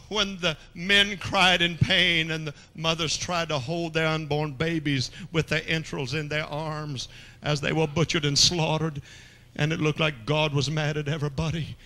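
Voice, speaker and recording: A man preaching a dramatic storytelling sermon. He leads the crowd in call-outs and shouts at the climaxes. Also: on the high side.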